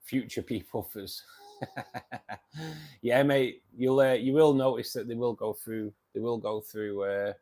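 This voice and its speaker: Tired, chatty man on a live stream. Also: on the low side. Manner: chatty, says "mate" often, rambling restarts. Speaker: host of a fishkeeping live stream. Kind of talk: casual live-stream chat reading viewer comments.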